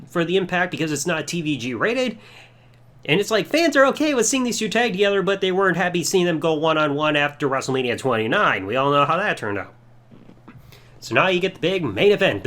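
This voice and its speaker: A man with a high, lively voice that swings up and down as he talks. He runs through a wrestling show in a casual, sarcastic way and scoffs at whatever he dislikes. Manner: sarcastic, mocking, does silly impressions. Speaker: podcast host reviewing wrestling. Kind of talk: casual solo review.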